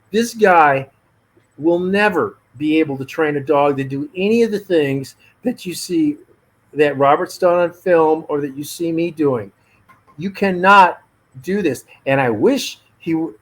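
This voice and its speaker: A man, a dog trainer and podcast host, giving an indignant, emphatic reaction commentary on a video and repeating his key words. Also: fairly high pitch.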